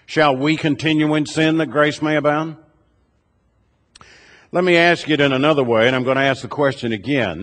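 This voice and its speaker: Man preaching in a reverberant church. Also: mid-range voice. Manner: measured, rhetorical repeated questions. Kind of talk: sermon. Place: church sanctuary. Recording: long reverb of a church hall.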